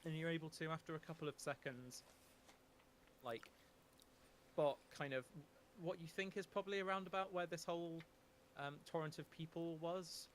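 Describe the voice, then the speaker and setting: A man narrating a tabletop game as game master, in a relaxed, rambling way with many fillers and restarts. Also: fairly high pitch, normal speed, slight background noise.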